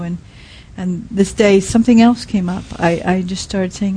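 A woman preaching a sermon in a soft, halting way, often dropping to a quiet hush. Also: medium pitch, fairly even intonation, rough recording. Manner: soft, halting, many restarts and fillers. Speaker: speaker at a Christian teaching.

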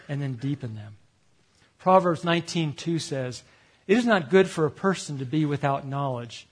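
A man giving a sermon, telling a story about himself with animated delivery, acting out quoted lines and laughing at his own mistakes. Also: a little high, husky. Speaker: speaker at a retreat.

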